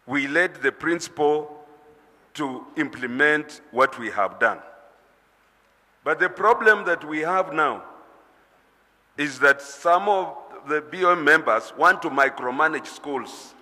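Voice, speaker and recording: A man on a school board speaks at a public meeting. He talks very slowly, and his voice is bright. The hall gives it a long reverb. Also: a little high, expressive. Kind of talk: formal public speech.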